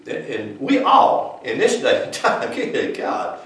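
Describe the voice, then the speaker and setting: A man preaching an informal sermon, moving between loud emphatic passages and quiet explanation, with folksy grammar. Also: on the high side, wildly swooping pitch, slow. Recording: echoey room, mic far off.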